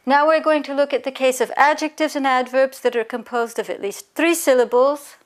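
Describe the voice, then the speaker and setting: A woman with a fairly high voice teaches an English grammar lesson. She gives each point in French and then again in English. She takes her time on the example words. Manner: slows down to spell out example words. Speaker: language teacher.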